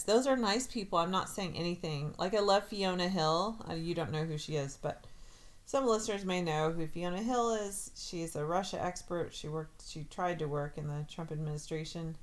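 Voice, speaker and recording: A middle-aged woman chats casually on a podcast, her voice sitting a little low. She rambles through asides and laughs easily. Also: moderate pace. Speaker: podcast co-host. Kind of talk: casual chat.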